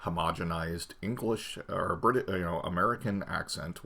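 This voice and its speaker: A man's voice: low voice, normal speed, vocal fry, bright, forceful tone, breathy edge. A man co-hosting a podcast, chatting casually about films with lots of fillers. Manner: chatty, many fillers like "you know". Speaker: podcast co-host. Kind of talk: casual chat.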